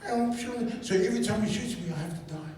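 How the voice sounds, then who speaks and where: A man with a high voice tells a stand-up story, animated and playful as he acts out scenes. He sounds far from the mic in a very echoey space. Noise sits behind him. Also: quick pace, crowd noise. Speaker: stand-up comedian.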